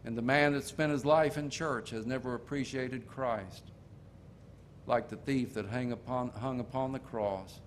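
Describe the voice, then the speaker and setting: An older man delivers a sermon as a string of homespun stories. His voice sits at an ordinary middle pitch, and he slows down deliberately to drive each point home. A faint low rumble runs under the recording. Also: steady tone. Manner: folksy storytelling preaching, slowing for emphasis. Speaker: preacher.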